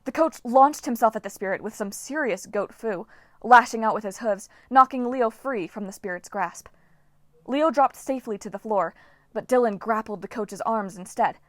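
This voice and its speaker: A woman reading a novel aloud as an audiobook narrator, with steady, dramatic storytelling. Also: on the high side, normal speed, no echo, studio quality. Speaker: audiobook reader.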